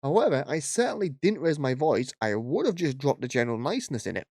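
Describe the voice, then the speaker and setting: A man's voice: medium pitch, very animated, fast talker, few pauses, a little mellow, no echo. A man narrating online stories, with dry joking asides between them. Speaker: YouTube story narrator. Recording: dry close mic with faint music.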